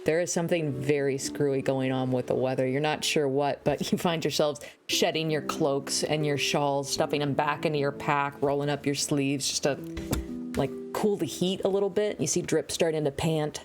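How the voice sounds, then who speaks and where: A woman's voice: deep voice, steady tone, normal speed, over music. A woman game master narrating a tabletop game scene in an easygoing, descriptive way, with frequent fillers.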